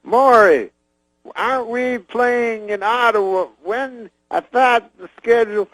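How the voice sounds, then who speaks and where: A man putting on an older male comedian who talks in clipped, halting fragments instead of full sentences. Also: extremely high pitch, a bit bright, no room sound, pitched above the performer's own voice, heavily acted, poor audio. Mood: grand.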